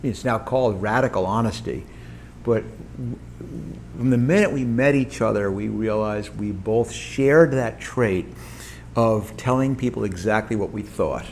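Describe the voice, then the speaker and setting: A man in his sixties, a company co-founder, telling a story as a guest, lively and animated and often restarting his sentences. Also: on the low side, measured pace, slight background noise. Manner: animated, quotes others in lively voices, frequent restarts. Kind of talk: conversational storytelling on stage. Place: event room with audience.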